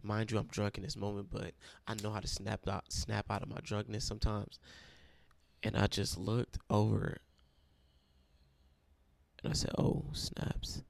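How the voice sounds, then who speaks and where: A man's voice: on the low side, monotone, unhurried, vocal fry, long pauses. A young man giving an emotional testimony and then leading a prayer as a preacher. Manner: earnest, emotional storytelling.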